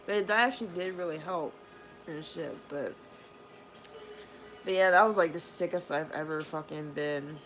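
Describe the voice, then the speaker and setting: A woman with a low-pitched voice tells a casual storytime vlog from her bedroom. She rambles with plenty of fillers and swears freely. A faint background noise sits under her voice. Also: moderate pace, fairly bright tone, poor audio. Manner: rambling, profane, lots of fillers. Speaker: vlogger. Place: bedroom at home.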